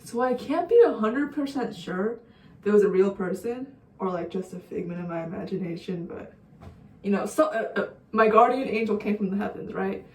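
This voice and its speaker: A woman's voice: mid-range voice, normal speed. A young woman vlogger telling a rambling, profane story in a casual storytime way. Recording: roomy sound, distant mic.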